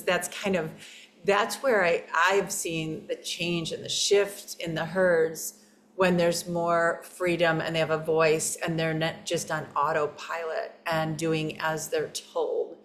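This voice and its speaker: Female guest, lowish voice, thoughtful and reflective. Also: level tone, measured pace, slight background noise. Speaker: interview guest, equine therapist. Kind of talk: conversational interview.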